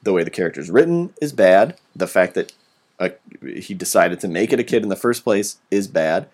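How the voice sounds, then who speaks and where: A man's voice: low-pitched, lively intonation, normal speed, darkish tone. A man hosting a casual podcast chat, ranting animatedly and swearing freely.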